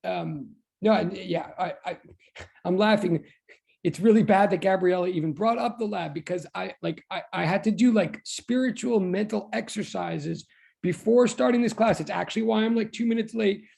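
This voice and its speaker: Chatty man with a gravelly, dark voice. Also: high voice, normal speed. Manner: chatty, self-deprecating, rambling with restarts. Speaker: physics instructor. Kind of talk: online class greeting students. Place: online video class.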